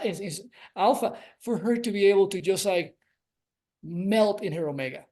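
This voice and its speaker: The speaker, a man, is a relationship coach giving reflective conversational talk on a podcast. His high-pitched voice carries a darkish tone. He sounds earnest and thoughtful, stretching key words out for emphasis.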